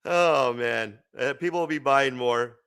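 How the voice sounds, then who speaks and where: A man's voice: mid-range voice, slow pace, a bit bright, smooth. A man hosting a casual late-night livestream, chatty and joking, often laughing and swearing. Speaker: livestream host.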